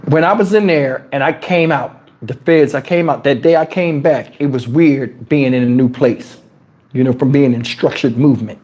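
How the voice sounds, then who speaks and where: A man from New Jersey telling casual stories on his livestream in crude street slang, animated and jumping into high, shouted tones as he retells them. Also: normal speed, dull audio. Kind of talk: casual storytelling. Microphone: wireless lapel mic.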